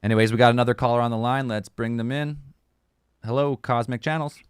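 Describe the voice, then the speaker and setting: A man's voice: mid-range voice, fairly even intonation, fast, clean tone, dry recording. A male host of a paranormal call-in show, laid-back and swearing casually. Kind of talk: casual radio show chat.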